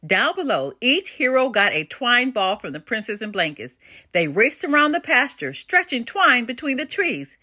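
An older woman narrating a children's picture book in an expressive, animated read-aloud style. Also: on the high side, normal speed, no echo, studio quality. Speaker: storybook reader.

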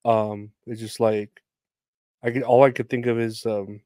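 A man's voice: on the low side, little pitch movement, a little slow, warm tone, dry recording, studio quality. A young man hosting a solo podcast, rambling in a sardonic, profane way with lots of fillers. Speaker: podcast host. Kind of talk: casual solo podcast rant.

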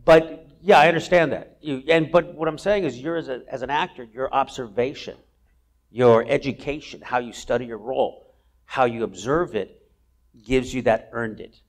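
A man hosting an onstage conversation at a college event, telling stories in an animated, playful way. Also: medium pitch, normal speed. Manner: animated storyteller, playful asides. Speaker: host.

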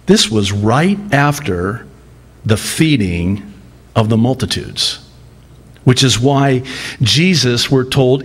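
A man preaching a sermon as a pastor, taking his time over each phrase. His voice sits at an ordinary middle pitch, and it jumps up with emotion when he acts out the people in the story. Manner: slow, deliberate preaching with dramatic voice rises on quoted lines.

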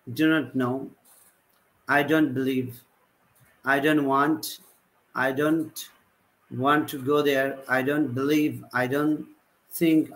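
Slow-speaking man teaching online. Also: medium pitch, fairly bright tone, rough recording. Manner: repetitive example sentences, halting delivery. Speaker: English teacher. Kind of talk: live online typing class.

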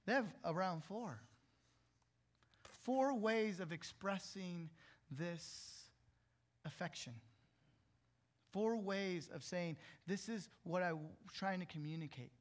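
A man's voice: sits high, slow, pauses often. A man, the pastor, giving a conversational sermon in a church and asking the congregation questions as he goes. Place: church sanctuary.

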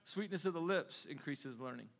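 A man's voice: on the high side, expressive, moderate pace, vocal fry, a bit bright. A male pastor preaching a sermon in a conversational way, asking the congregation rhetorical questions again and again.

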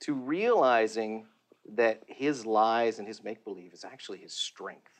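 A man's voice: fairly low pitch, measured pace. A middle-aged man, a voice actor, chatting animatedly in an interview and laughing often. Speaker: voice actor guest. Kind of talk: casual interview.

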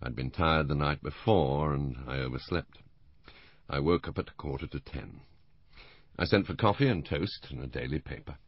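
A man narrating an audiobook in a measured first-person storytelling manner. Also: very deep voice, no room sound, muffled recording.

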